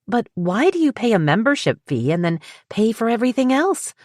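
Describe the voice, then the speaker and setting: A tight-lipped, penny-pinching middle-aged mother who keeps questioning and disapproving, as a woman narrator puts her on. Her voice is a bit higher than the narrator's own and comes across clear and dry. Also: very animated, fairly quick, a little mellow, no echo. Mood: skeptical. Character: skeptical, thrifty middle-aged mother-in-law.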